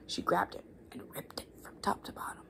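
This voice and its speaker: Woman softly whispering a story. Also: a little fast. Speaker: ASMR creator. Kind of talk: whispered role-play.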